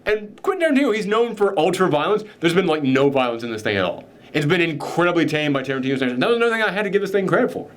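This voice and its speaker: Man, film reviewer, candid and opinionated, slightly high voice. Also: lively intonation, rapid-fire, few pauses. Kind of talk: casual movie review chat.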